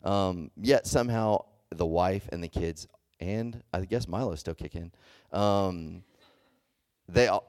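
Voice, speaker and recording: Low-voiced man giving a chatty youth sermon. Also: mellow, clean tone, dry recording, clean studio sound. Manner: conversational, checks in often with "okay?" and "does that make sense?"; loose and chatty, with many fillers and restarts. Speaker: youth preacher. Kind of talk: casual sermon to a youth group.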